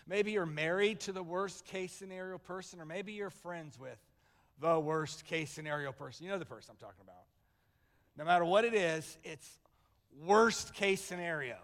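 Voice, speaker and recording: A high-voiced male pastor preaches in a church sanctuary, bringing his stories to life by acting out the people's voices. The recording carries a long hall reverb.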